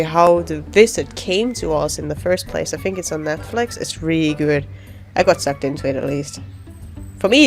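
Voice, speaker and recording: A woman's voice: deep voice, darkish tone. A woman giving casual, rambling gameplay commentary, chatty and giggly. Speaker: let's play commentator.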